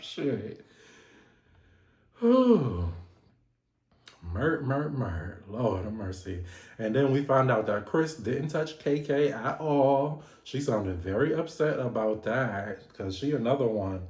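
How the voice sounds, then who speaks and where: A man hosting a casual reality TV recap vlog, animated and sassy, laughing and swearing often. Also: mid-range voice, slow pace. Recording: echoey room.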